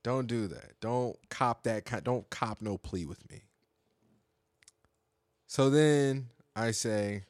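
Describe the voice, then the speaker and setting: A man's voice: mid-range voice, slow pace, pauses often, a little mellow, no echo, clean studio sound. A young man hosting a podcast solo, talking in a heated, profane, rambling way. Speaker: podcast host. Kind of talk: casual monologue podcast.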